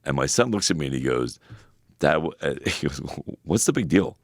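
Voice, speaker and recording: Un homme d'âge moyen, co-animateur d'un podcast, qui raconte des anecdotes avec animation, imite les répliques en forçant la voix et jure volontiers. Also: male voice, extremely low pitch, moderate pace, no echo, clean studio sound. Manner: animated storyteller, acts out quotes in a raised voice; swears casually. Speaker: podcast co-host. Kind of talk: casual chat, storytelling.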